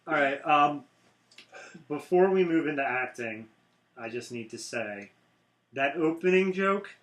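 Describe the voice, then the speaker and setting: A man's voice: on the high side, expressive, a little slow, fairly bright tone, reverberant. A man co-hosting a movie review show, talking casually with a sarcastic, mocking edge. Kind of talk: casual chat.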